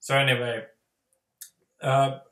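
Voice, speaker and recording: A man's voice: medium pitch, level tone, takes it slowly, sharp tone, roomy sound. A man with a Finnish accent teaching pronunciation in a casual, hesitant way, with many filler sounds. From Finland. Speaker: language teacher. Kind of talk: casual spoken lesson.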